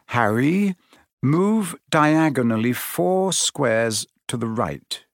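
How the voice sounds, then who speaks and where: A man's voice: mid-range voice, lively intonation, slow, no echo, studio quality. A man voicing a young boy wizard who takes charge of a chess game with bossy decisiveness. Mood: commanding. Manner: bossy, decisive under pressure.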